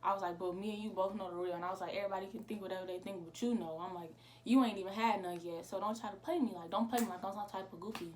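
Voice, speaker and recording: A woman's voice: medium pitch, racing, a little hiss or hum. A teenage girl, casually telling a storytime vlog with lots of quoted dialogue. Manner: animated retelling with quoted dialogue. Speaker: vlogger.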